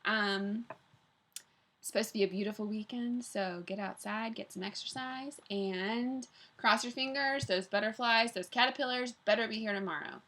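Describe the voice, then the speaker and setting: A woman's voice: on the high side, normal speed. Woman reading a children's book aloud. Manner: expressive, warm storytelling. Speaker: teacher reading aloud to students.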